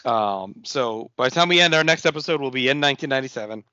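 Bright-voiced man recapping, dull sound. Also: medium pitch, quick pace, no echo. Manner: relaxed recap, swears freely. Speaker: podcast co-host. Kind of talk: casual chat recapping wrestling shows.

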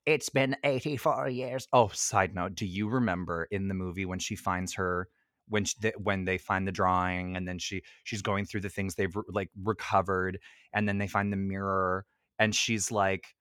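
A man's voice: deep voice, level tone, normal speed, a bit bright, clear, resonant tone, no echo. Young man, rambling podcast chatter, dry sound. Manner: rambling, laughs often, lots of fillers and self-corrections. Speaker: podcast host. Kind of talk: casual chat.

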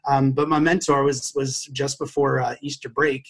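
A man, an educator, telling a personal story to a podcast host in an earnest, heartfelt way, often halting and restarting his sentences. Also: medium pitch, flat delivery, vocal fry. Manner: acts out quoted dialogue.

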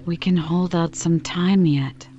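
A woman reading the lines of a calm, philosophical male manservant in an audiobook, composed and polite. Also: on the low side, slow, slight background noise. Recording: dull lo-fi with faint music.

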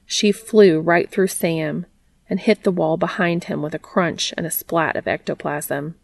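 A woman reading a fan fiction story aloud in a steady, plain narrating manner. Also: low-pitched, a little slow, gravelly.

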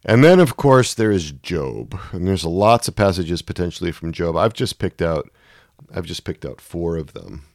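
A man giving a sermon, reading scripture passages aloud with rising anguished intensity between calmer explanations. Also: sits low, moderate pace, gravelly, dry recording, clean studio sound. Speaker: preacher.

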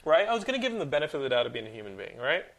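Gravelly man ranting and telling stories. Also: fairly high pitch, rapid-fire. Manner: animated storyteller, swears freely, rants loudly. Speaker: podcast host. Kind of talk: casual chat.

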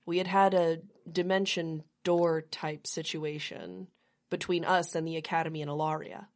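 A woman voices a flustered scholar of a ruined magic academy in a tabletop game, hesitant and earnest. She speaks a little slower and softer than her narration, stumbling over words. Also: deep voice, steady tone.

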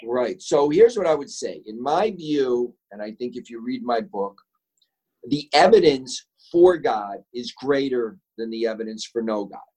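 Male author guest, mid pitch, earnest and chatty. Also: expressive, unhurried, dark tone, husky, low-quality recording. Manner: earnest, storytelling. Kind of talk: conversational interview answers.

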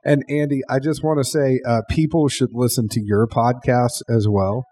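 A man's voice: medium pitch, fairly even intonation, moderate pace, dark tone, slightly rough. Man, podcast host, casual, joking, rambling, hotel bar. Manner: chatty, joking, rambling thanks. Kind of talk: casual interview wrap-up.

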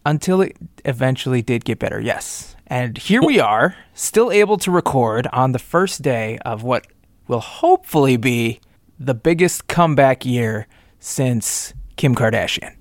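A man with a mid-pitched voice co-hosts a casual podcast, trading wry jokes and now and then launching into mock-solemn speeches. He is recorded dry and close to the mic. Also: expressive, unhurried, dry recording. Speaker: podcast co-host. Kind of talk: casual chat.

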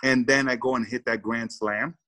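A man's voice: mid-range voice, fairly even intonation, normal speed, pushed and bright, poor audio. A man, a former baseball player, telling a story in an interview with lots of repeated words, acted-out quotes and laughter.

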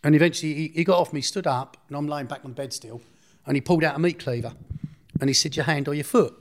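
A man's voice: fairly high pitch, quick pace. A man recounting a personal story in an interview, blunt and slangy, often restarting his sentences.

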